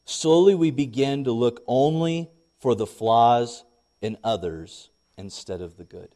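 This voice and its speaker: Male pastor, young adult, sermon, lively storytelling, voice climbing when worked up. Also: mid-range voice, a little slow. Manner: animated storytelling, rising when excited.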